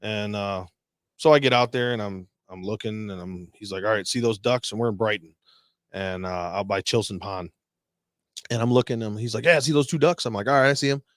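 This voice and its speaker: This veteran guest, from Detroit, Michigan, speaks a little fast with a fairly low pitch as he casually recounts war stories. He's profane and laughs often, quoting people animatedly, and the studio-quality audio carries no room sound.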